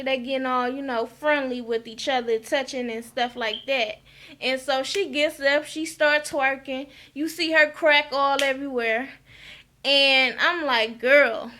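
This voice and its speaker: A woman's voice: sits high, pushed and bright. A woman giving a frank, chatty recap of a TV episode and often asking "okay?". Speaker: reality TV recap vlogger.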